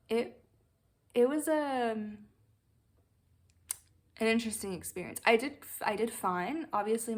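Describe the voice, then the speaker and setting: A young woman talking candidly in a personal video diary, halting, with many fillers and restarts, emotional and near tears. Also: mid-range voice. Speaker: vlogger recovering from a brain injury.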